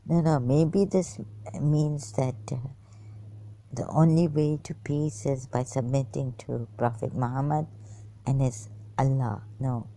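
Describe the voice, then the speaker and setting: A woman with a low, mellow voice reads old texts aloud and stops to comment on them. She talks slowly and hesitantly, puzzling over words and sometimes dropping into a whisper. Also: fairly even intonation, low-quality recording. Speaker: channel host.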